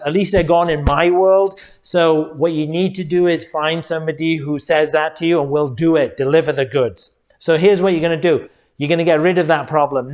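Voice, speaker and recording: A middle-aged man with a slightly higher voice, speaking as a dentist explaining things to his viewers. He talks earnestly and directly, often calling his audience folks. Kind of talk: educational talk to viewers.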